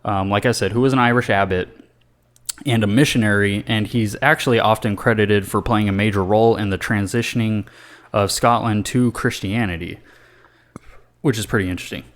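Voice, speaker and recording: A man's voice: fairly low pitch, fairly even intonation, brisk. A man co-hosting a casual podcast, rambling with lots of fillers and swearing. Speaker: podcast co-host.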